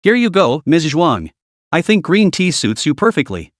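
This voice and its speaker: A man's voice: fairly high pitch, very animated, normal speed, no echo, studio quality. A man voicing a coquettish young mistress who plays innocent, whiny and sugary.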